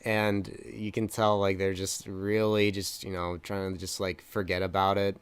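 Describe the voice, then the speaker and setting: A man's voice: low voice, level tone, moderate pace, clean tone. A young man co-hosting a film review podcast, casually retelling scenes with lots of fillers and acted-out lines. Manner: rambling retelling with many fillers, acting out lines. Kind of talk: casual chat.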